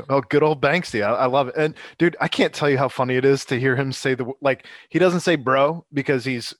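A man talking casual sports chat, excitable and full of fillers, laughing often between thoughts. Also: mid-range voice, a little fast, dry recording.

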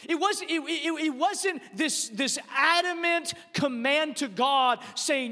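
A male pastor, animatedly telling a personal story as he leads into his sermon in a church. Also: extremely high pitch. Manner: animated storyteller, quick asides. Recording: long reverb of a large hall.

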